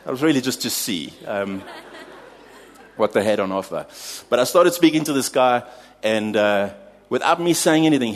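A South African pastor preaches a sermon, his voice on the low side. He tells a lively personal story, laughing at his own anecdotes before drawing a lesson from it.

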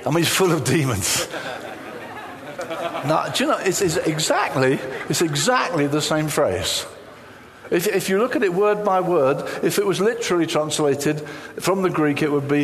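A man preaching a sermon in an animated, humorous way, acting out the lines he quotes. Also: on the high side, moderate pace, in a large hall, slight background noise.

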